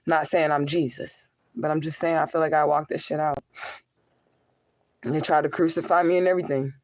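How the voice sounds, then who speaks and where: A woman's voice: low voice, no echo, rough recording. A young adult woman, talking in a raw, confessional personal vlog. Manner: raw, confessional, swearing, talks to her cat. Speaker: vlogger and spiritual reader.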